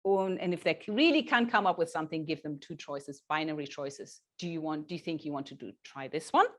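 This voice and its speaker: A woman speaking at a parenting workshop, lively and practical, often acting out little quotes of parents and children. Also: low-pitched, fairly quick. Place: children's centre meeting room.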